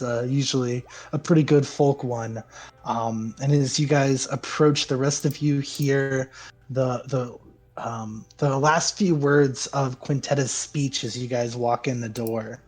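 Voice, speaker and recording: A man narrating as game master in a loose, casual way, with fillers and laughs. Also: medium pitch.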